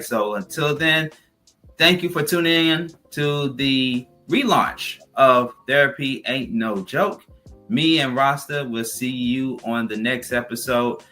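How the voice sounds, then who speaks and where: A man hosting a community TV talk show, asking questions and running through upbeat plugs and thank-yous. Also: mid-range voice. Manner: upbeat sign-off with repeated plugs. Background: soft music bed.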